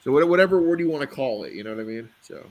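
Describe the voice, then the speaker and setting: A man's voice: mid-range voice, lively intonation, very fast, dull audio. A young man on a casual online panel, talking with lots of restarts and swearing. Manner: hesitant, swearing, frequent restarts. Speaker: panel guest.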